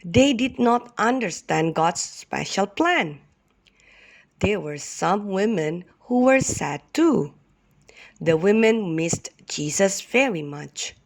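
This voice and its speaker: A kindergarten teacher reads a Bible story aloud, speaking slowly and expressively so small children can follow. Her pitch swings widely and her voice has a gravelly edge. She often turns to the children with questions. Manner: expressive, addresses the children directly.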